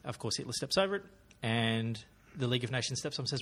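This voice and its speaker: A man's voice: medium pitch, animated, quick pace, fairly bright tone. A man hosting a quiz in casual podcast chat, chatty, laughing easily, trailing off and restarting. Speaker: quiz host.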